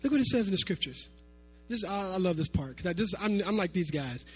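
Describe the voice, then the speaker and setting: High-voiced animated preacher man. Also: fairly quick, breathy edge. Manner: animated, swinging from soft asides to shouting. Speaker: pastor. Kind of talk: sermon.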